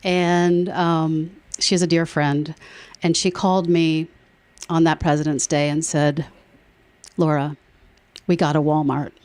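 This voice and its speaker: Low-voiced woman giving an emotional speech. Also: level tone, unhurried, pauses often, no room sound. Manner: emotional, warm storytelling with laughs. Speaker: nonprofit board treasurer. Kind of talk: speech at a public event.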